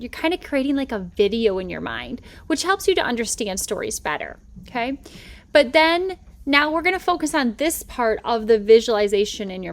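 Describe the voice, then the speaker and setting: A woman teacher giving a recorded reading lesson, patiently stretching out letter sounds and checking in with "okay?" and "right?". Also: on the high side.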